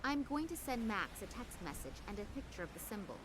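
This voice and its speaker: A woman's voice: mid-range voice, big pitch swings, fairly quick, noisy background, natural voice. An actress playing an earnest young woman puzzling over a clue in a game. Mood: musing. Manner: earnest, musing. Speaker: game protagonist.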